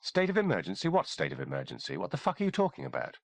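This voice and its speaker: A man's voice: extremely low pitch, wildly swooping pitch, rapid-fire, gravelly, no echo, voice pushed down, full character voice. A man voicing a frightened and indignant male author who sputters and swears when cornered. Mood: frightened indignation.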